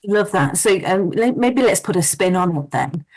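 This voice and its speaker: A woman moderating a work panel, brisk and encouraging as she hands over to guests. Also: mid-range voice, expressive, a little mellow. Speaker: panel host.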